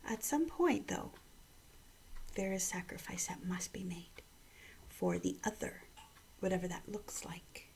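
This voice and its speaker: A woman in her thirties from Canada gives a morning devotional vlog, speaking quietly in a half-whisper so her upset child down the hall can't hear. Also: fairly low pitch, animated, a little slow, pauses often. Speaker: mother giving a morning devotional. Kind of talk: hushed personal vlog devotional.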